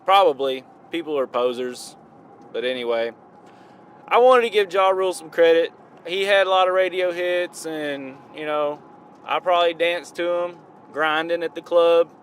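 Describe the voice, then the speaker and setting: A man with a Southern US drawl talks in a loose, rambling way, circling back and correcting himself. His voice sits a little high for a man. Faint street and vehicle noise hums in the background. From American South. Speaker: hip-hop reviewer. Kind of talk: casual rambling monologue.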